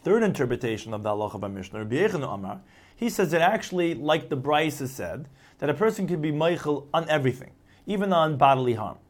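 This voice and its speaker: A man with a somewhat high voice teaching a Talmud lesson. He works through the text phrase by phrase, glossing each term in English. He acts out the quoted lines by shifting his tone. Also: expressive, fast. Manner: explains each phrase in English after reading it; acts out quoted replies with changing tone. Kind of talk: Talmud lecture.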